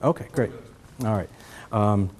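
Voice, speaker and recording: A man's voice: fairly low pitch, unhurried, darkish tone, a little hiss or hum. A middle-aged man with a Boston accent giving a trumpet master class, answering students' questions and checking in with "okay?".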